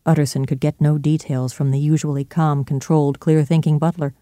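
A man narrating a classic novel in a clear, steady storytelling style. His voice is mellow and dark, and the recording is dry and close. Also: on the high side, a little fast, few pauses, no echo. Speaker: audiobook narrator. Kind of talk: scripted narration.

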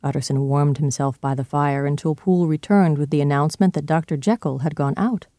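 A man narrating a classic story aloud in a steady, even reading. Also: a little high, fairly quick, dry recording, studio quality.

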